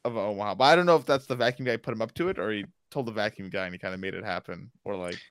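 A man's voice: on the low side, rapid-fire, clear, resonant tone. A man chatting casually as a podcast co-host, recapping a TV episode in a rambling, enthusiastic way that keeps interrupting itself.

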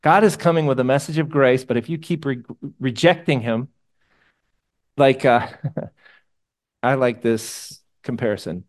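A man's voice: medium pitch, unhurried, long pauses. A man preaching a sermon to a live congregation in a conversational, emotional way, asking his listeners questions. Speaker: pastor.

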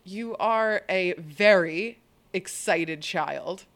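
A woman hosting a podcast in casual chat, animated and swearing casually. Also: lowish voice, extremely slow. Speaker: podcast host.

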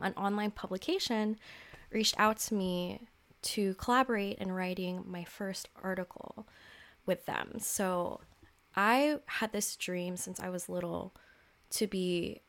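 A young adult woman hosting a solo podcast, talking casually and openly about her feelings, with lots of "like" and "um.". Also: medium pitch. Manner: casual and candid, heavy use of "like" and "um". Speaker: podcast host. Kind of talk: reflective solo podcast talk.

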